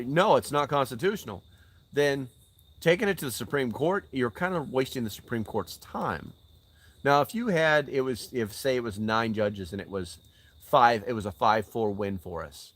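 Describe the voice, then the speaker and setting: Sitting outside by a fire, an older channel host answers live chat in a laid-back stream. He has a mid-range, somewhat bright voice. Blunt and profane, he pushes his arguments with forceful rhetorical questions.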